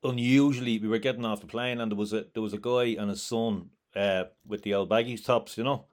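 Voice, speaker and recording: A man's voice: on the low side, fairly even intonation, a little fast. A man hosting a casual chat, asking questions and backing the guest up with short interjections. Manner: brief, encouraging interjections. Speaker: host.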